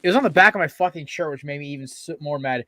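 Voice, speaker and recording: A young man hosts a casual sports podcast, rambling and swearing with plenty of excitement. His voice sits a little high for a man, and the sound is close and dry. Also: racing, no room sound. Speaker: podcast host.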